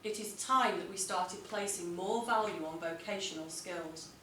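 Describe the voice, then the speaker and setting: A female teacher of English, mid-range in pitch, conducts a lesson on writing, articulating carefully and punching key words as she reads examples. The room is echoey, she is some distance from the mic, and a faint ambient hum sits beneath her.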